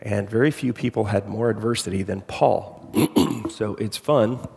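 A man's voice: on the low side, measured pace, vocal fry, a little mellow, husky, in a large hall. A man preaching a sermon, casual and self-deprecating, with frequent fillers, then reading scripture aloud. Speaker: pastor.

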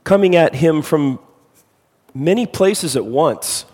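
A man's voice: a little high, lively intonation, slow pace, darkish tone, husky, in a large hall. A man preaching a sermon, casual and self-deprecating, with frequent fillers, then reading scripture aloud. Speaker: pastor.

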